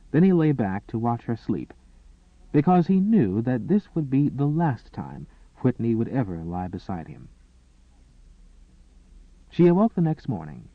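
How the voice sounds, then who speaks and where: Guy narrating an audiobook, super animated delivery, tinny phone-ish sound, dead dry. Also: mid-range voice, dry recording. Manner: dramatic, expressive storytelling. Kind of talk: scripted narration.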